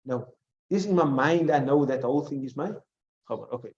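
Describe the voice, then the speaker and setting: A man teaching an Arabic grammar class, explaining step by step, quizzing his students with questions and reciting short Arabic phrases quickly. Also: medium pitch, a little mellow. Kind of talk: classroom lesson. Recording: echoey room, dull lo-fi sound.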